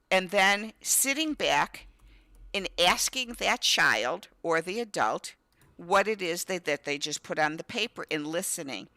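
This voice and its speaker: A woman in her fifties telling lively family anecdotes as a guest, often acting out a child's words. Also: fairly low pitch, dry recording. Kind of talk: storytelling in casual conversation.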